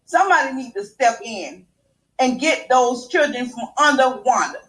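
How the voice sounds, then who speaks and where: A woman on a call-in segment speaks in a high voice, earnest and emphatic as she presses her complaint. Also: expressive, moderate pace, fairly bright tone, poor audio. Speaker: caller on a live stream. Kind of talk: casual call-in commentary.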